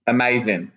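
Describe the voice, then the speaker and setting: A wrestler, relaxed and rambling with lots of ums, chatting as a guest on a podcast. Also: male voice, mid-range voice. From England. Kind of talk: casual podcast interview. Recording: muffled lo-fi sound.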